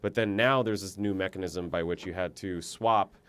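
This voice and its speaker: A man co-hosting a podcast, giving his opinions in an animated, casual way, often restarting his sentences. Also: low-pitched, moderate pace, clear, resonant tone. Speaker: podcast co-host. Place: podcast booth at a conference office.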